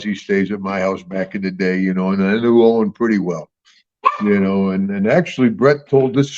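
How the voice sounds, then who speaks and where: An older man, a retired wrestler, telling stories in an interview, acting out the other voices and laughing often. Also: on the low side. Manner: animated storyteller, acts out voices, laughs often. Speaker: guest, retired pro wrestler. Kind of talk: storytelling interview. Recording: dull lo-fi sound.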